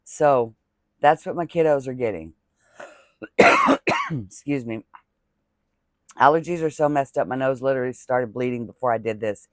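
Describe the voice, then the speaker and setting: A man's voice: medium pitch, huge pitch swings, a little slow, pauses often, no echo, clean studio sound. A man chatting casually to camera as a crochet vlogger, rambling and heartfelt, thanking viewers with religious blessings. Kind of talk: casual talking-to-camera vlog chat.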